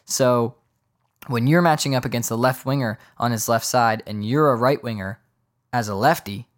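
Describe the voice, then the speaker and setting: A man's voice: mid-range voice, normal speed. A man hosting a solo sports podcast, talking off the cuff in a rambling way, correcting himself often and dropping joking asides. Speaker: podcast host.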